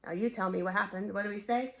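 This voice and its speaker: A woman reading a picture book aloud as a bedtime story, expressive and sing-song, pausing to ask the children questions. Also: medium pitch, gravelly.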